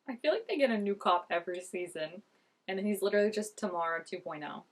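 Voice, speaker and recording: A woman's voice: mid-range voice, lively intonation, quick pace. A young woman reacting to a TV episode in casual commentary, chatty and gushing, laughing often and saying "like" a lot. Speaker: TV reaction vlogger.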